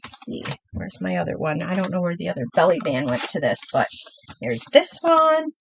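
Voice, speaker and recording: A woman's voice: on the low side, big pitch swings, normal speed, gravelly, a little hiss or hum, rough recording. A middle-aged woman hosting a live crafting demo, chatty and upbeat, talking through each step while she works.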